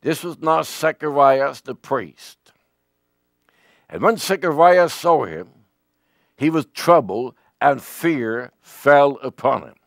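A man preaching a sermon with emphasis, swinging between loud and hushed. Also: medium pitch, animated, slow pace, gravelly, dry recording, clean studio sound.

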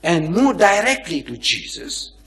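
A man lecturing an audience on religion, emphatic and repetitive, with rhetorical questions and slow chanted phrases. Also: on the high side, big pitch swings, creaky. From India, raised in South Africa. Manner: chants phrases slowly, swings from soft to loud.

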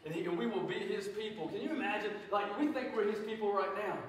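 A man preaching a sermon as pastor, moving from quiet reflection to loud, fervent declarations. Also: high voice, fast, slight background noise. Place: large church sanctuary. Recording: echoey hall, mic from a distance.

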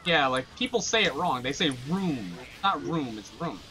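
A young man in casual gaming voice chat, excitable and swearing often while he plays. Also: fairly high pitch, a little fast, faint music behind. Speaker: gamer on voice chat.

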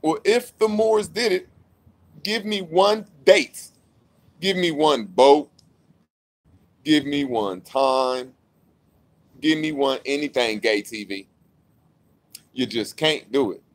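A young man ranting at a rival vlogger in a heated, mocking way, repeating his challenge and swinging from loud outbursts to low mutters. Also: slow pace, long pauses. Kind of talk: confrontational rant to camera.

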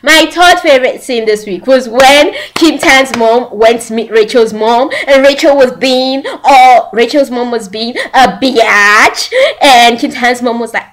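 Young woman, English not her first language, a bit high, chatty and giggly, gushing casual review. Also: a little slow. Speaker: drama reviewer. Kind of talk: casual chat.

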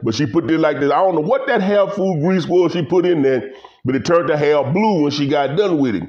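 A man's voice: fairly high pitch, brisk, lo-fi sound. An older man from Louisiana, rambling in casual, folksy commentary to his viewers and breaking into laughter. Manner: folksy, laughing, animated storytelling. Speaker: vlogger.

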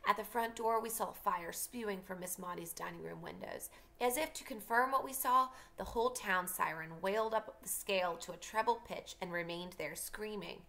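A woman teacher reading a novel aloud for her class, pausing to explain passages to students. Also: mid-range voice, pushed and bright.

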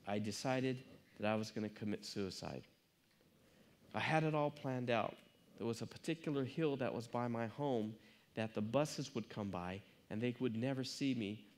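An earnest man speaking at a conference, telling a personal story in a confessional tone. His voice sits at an ordinary middle pitch, and he talks with plain emotion. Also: darkish tone.

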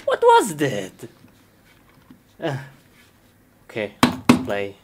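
A woman voicing a comedic gaming skit, with excitable short exclamations and laughs. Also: rumbling low, very slow, long pauses, heavy background noise.

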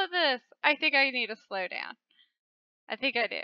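A woman hosting her own channel, giving casual game commentary in an excitable way, often breaking into gasping exclamations. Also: a little high, normal speed, pauses often, smooth, no echo. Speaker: channel host. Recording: dull lo-fi dry recording.

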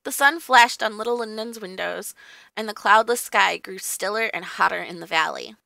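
A woman reading a classic children's book aloud in a lively, expressive way with character voices, recorded close on a dry mic. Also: mid-range voice, normal speed, creaky, no echo. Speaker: audiobook reader.

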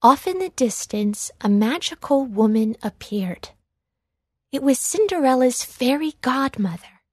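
A woman reading a children's read-along storybook aloud in a slow, clear, deliberate way. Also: sits high, expressive, dry recording, clean studio sound. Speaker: storybook reader.

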